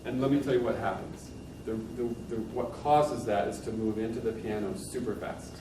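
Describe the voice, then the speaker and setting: In a master class, a man with a fairly low voice speaks at a moderate pace, encouraging a pianist and demonstrating at the piano as he talks. The room has a piano, and a distant mic gives a roomy sound with loud piano and background noise.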